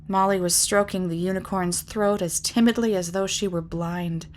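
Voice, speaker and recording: A woman narrates a fantasy novel aloud in a measured, lyrical way. Her voice sits at a mid pitch. A faint hiss of noise runs under it. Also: steady tone. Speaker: reader. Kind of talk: audiobook narration.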